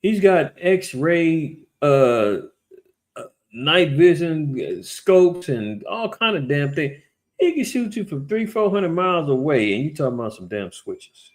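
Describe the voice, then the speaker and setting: Blunt, profane man with a higher voice. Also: very animated, unhurried. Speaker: commentator on current events. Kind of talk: casual commentary monologue.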